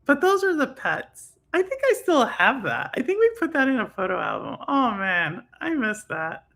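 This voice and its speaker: A young woman hosts a casual live stream in a bright, high voice that swings all over its range. She talks loosely to her chat, with plenty of fillers and quick laughs. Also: huge pitch swings, vocal fry. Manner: chatty, laughing, lots of fillers. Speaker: stream host reading chat.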